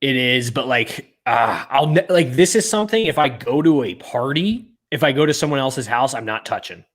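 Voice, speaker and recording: A man's voice: mid-range voice, animated, normal speed, a bit bright. A young man co-hosting a casual podcast, laid-back and joking, often trailing off mid-sentence. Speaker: podcast co-host. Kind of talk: casual chat ranking party foods.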